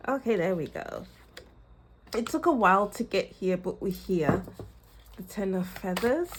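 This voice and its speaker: A young woman reading tarot for her viewers in a casual, musing way, often searching for words and laughing softly. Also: medium pitch, animated, measured pace, pauses often, noisy background. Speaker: tarot reader.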